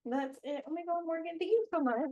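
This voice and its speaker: A woman co-hosting a podcast in casual chat, gushing and excitable, often breaking into laughter. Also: very high-pitched, quick pace, muffled recording. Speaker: podcast co-host.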